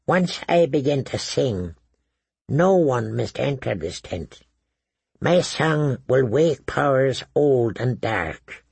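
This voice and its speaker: A grave old healer-witch, as a man puts her on for an audiobook, hushed and deliberate. Her voice is gravelly and raspy, with a lot of rise and fall across a slow delivery. The sound is close and dry. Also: medium pitch, no echo, exaggerated voice. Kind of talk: audiobook reading.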